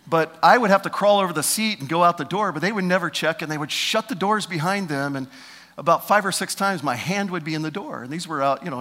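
A man in his fifties preaching a sermon as pastor, swinging between loud preaching and hushed asides. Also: a little high, in a large hall. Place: church.

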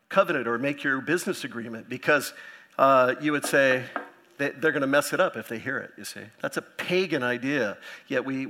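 Bright-voiced man preaching a sermon. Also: medium pitch. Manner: conversational, animated teaching with asides. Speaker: pastor.

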